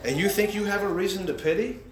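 A man preaching a sermon as pastor, impassioned, swinging between loud and hushed. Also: high voice, quick pace, noisy background. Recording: echoey room.

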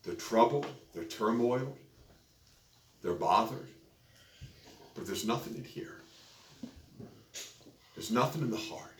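A man's voice: mid-range voice, expressive, slow pace, pauses often. A man preaching a sermon, telling a story and building to emphatic peaks. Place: church sanctuary. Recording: echoey church, distant mic, faint noise.

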